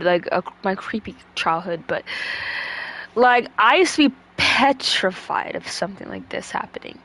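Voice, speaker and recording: A woman's voice: medium pitch, expressive, moderate pace, a bit bright, a little hiss or hum. A woman chatting casually on a stream, rambling with lots of fillers and swearing freely.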